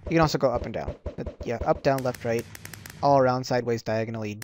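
A man giving rambling live commentary over his own gameplay, reacting loudly and quickly with mild exclamations. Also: medium pitch, slight background noise. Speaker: gaming channel host.

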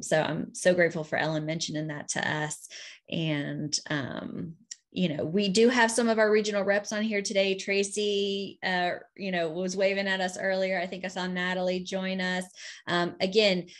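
A woman presenting casually on a video call, chatty and heartfelt, with many fillers. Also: fairly low pitch. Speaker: state program director.

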